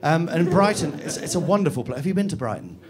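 A man's voice: a little high, sing-song, fast, crowd noise. A man from Nottingham doing a stand-up set, chatty and self-mocking, often laughing through his lines. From England (Nottingham). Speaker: stand-up comedian. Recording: live venue with audience laughter.

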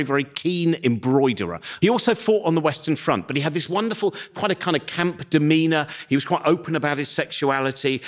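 A middle-aged man, telling comic stories to an audience and acting out the people he quotes. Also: mid-range voice. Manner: animated, acts out quoted voices. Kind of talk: comic storytelling talk.

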